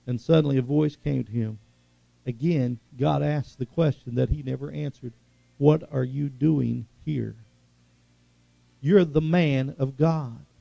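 A man preaching a sermon, swinging from loud, high exhortation to hushed, slow earnestness. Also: creaky, dry recording, dull audio.

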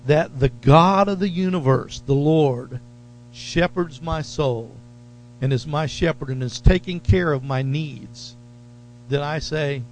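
A man's voice: fairly high pitch, slight background noise. A man preaching a sermon as pastor, leaning hard on key phrases and drawing them out. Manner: slow, emphatic preaching with drawn-out stressed phrases.

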